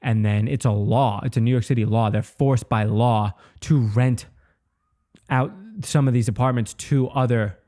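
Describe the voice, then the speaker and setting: Twenties male comic, solo podcast ramble, mellow low-key tone, profane and loose. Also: steady tone, normal speed. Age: 20s. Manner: rambling, profane, says "dude" often. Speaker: comedian and podcast host. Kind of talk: casual solo podcast monologue.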